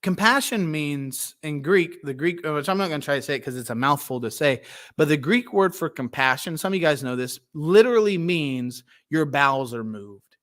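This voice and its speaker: A male pastor giving a sermon in a conversational way, acting out Bible scenes with quick voices and asides. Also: fairly high pitch, lively intonation, a bit bright.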